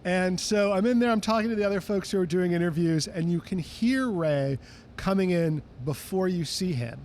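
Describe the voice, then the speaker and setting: Animated high-voiced male storyteller. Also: normal speed, a little hiss or hum. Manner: animated, acts out quoted voices. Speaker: guest, music historian. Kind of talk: casual interview storytelling.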